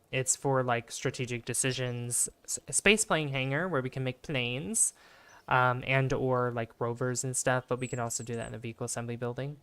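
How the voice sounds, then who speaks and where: A man's voice: mid-range voice, fairly bright tone, clean tone. Chatty man streaming a game. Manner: chatty, rambling, many fillers, greets chat. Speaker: gaming livestreamer. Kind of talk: casual live gameplay commentary.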